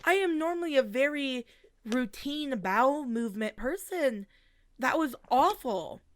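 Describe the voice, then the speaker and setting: A young woman co-hosting a podcast, telling a story in animated casual chat and swearing freely. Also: sits high, a little slow, dry recording. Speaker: podcast co-host.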